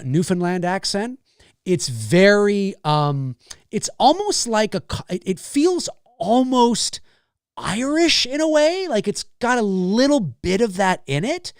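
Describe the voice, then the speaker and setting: Canadian male live-show host, rambling, animated, slightly high voice, dry sound. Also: no room sound. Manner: rambling, animated, swears freely. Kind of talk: casual live-stream chat.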